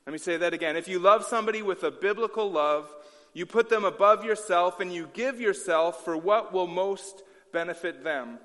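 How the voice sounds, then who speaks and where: A man's voice: sits high, moderate pace, a bit bright. Earnest preacher man in a reverberant hall. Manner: earnest, repeats himself with frequent restarts. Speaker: pastor. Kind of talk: sermon.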